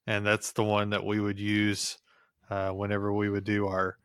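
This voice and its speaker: A man with a low, flat voice chimes in during a casual movie chat, laid-back and brief. His tone is bright and smooth, recorded dry and close. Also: moderate pace, no echo. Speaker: podcast co-host.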